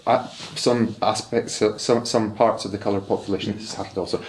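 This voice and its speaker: A man's voice: fairly low pitch, steady tone, a little fast, a little hiss or hum. A young man, a doctoral researcher, explaining literature in an interview, thoughtful and hesitant, with restarts. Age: young adult. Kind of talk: academic interview, explaining and reading aloud. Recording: roomy echo.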